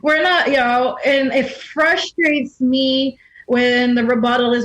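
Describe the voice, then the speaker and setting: A woman's voice: high voice, slow, hardly any pauses, a bit bright, poor audio. A woman co-hosting a radio talk show, making her points in a firm, reasoned way. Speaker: co-host. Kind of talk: casual conversation.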